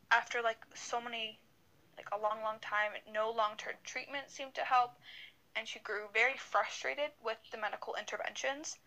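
A woman's voice: on the high side, bright, forceful tone, rough recording. A young woman co-hosting a podcast over a video call, telling a story in a casual, rambling way with many fillers and restarts. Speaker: podcast co-host.

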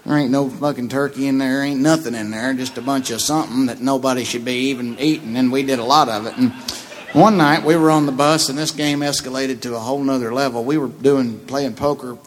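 A man who is a comedian guest, telling a long anecdote in a profane, laughing, animated way. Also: mid-range voice, a little fast. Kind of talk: storytelling anecdote.

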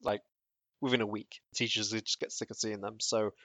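A man's voice: lowish voice, level tone, a little fast, sharp tone, no echo. A man co-hosting a podcast in casual chat, rambling with lots of fillers and restarts and laughing often. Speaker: podcast co-host.

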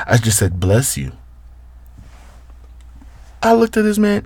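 A man's voice: sing-song, moderate pace, pauses often, darkish tone, no echo. Guy ranting to the camera, cussing a lot, fed up, voice jumping all over, dry close sound. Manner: profane, exasperated storytelling with big swings in pitch. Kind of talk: casual rant to camera.

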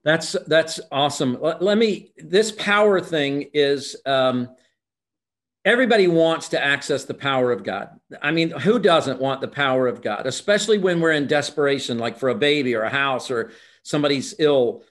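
A man's voice: on the high side, animated, moderate pace, a bit bright. A man who has been a pastor for thirty years, hosting and reflecting thoughtfully and openly. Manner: thoughtful, confessional. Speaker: pastor and host. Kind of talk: conversational reflection.

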